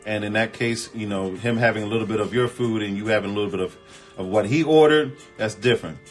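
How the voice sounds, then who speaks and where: A man hosting a casual relationship advice chat, reading viewer comments and answering in an animated, emphatic, colloquial way. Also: lowish voice, fast, soft background music. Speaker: host.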